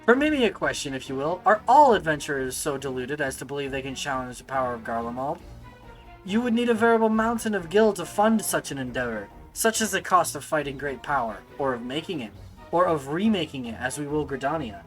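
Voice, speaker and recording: A man's voice: on the high side, very animated, a little fast, soft background music, poor audio. A man reading aloud and voicing an arrogant male imperial officer from a game, in a mocking, lofty manner.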